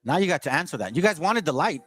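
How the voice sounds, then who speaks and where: A man with a slightly higher-than-average voice reads from an old history book and keeps breaking off to lecture his listeners. His delivery is combative, and he stumbles and restarts over the printed lines. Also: sing-song, fast talker, a bit bright. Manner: combative, lecturing straight at the audience; stumbles and restarts while reading aloud. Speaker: channel host. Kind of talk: reading aloud from a history book with running commentary.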